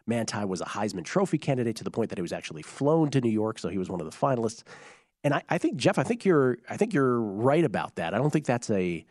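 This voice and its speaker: A man co-hosting a casual sports chat, voice hoarse and giving out, talking in a conversational way and explaining background. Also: mid-range voice, big pitch swings, fast, darkish tone, dry recording, studio quality. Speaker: podcast co-host.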